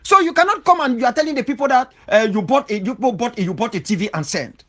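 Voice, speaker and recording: A man delivers an impassioned rebuttal as an independence leader. His pitch rises and falls widely as he hammers home repeated rhetorical questions. His manner stays emphatic and insistent throughout. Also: expressive, quick pace, a bit bright. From Cameroon, southwest region.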